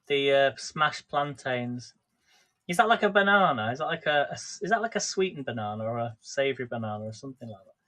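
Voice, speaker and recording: A man's voice: mid-range voice, sharp tone. A man casually chatting through a live cooking stream, rambling and talking to viewers by name. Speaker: livestream host.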